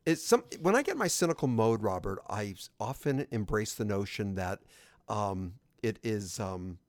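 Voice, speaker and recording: A man co-hosting a podcast with a low voice. He asks measured, probing questions, and his pitch moves expressively. The sound is dry and close to the mic. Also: animated, no echo. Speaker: podcast co-host. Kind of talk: casual podcast discussion.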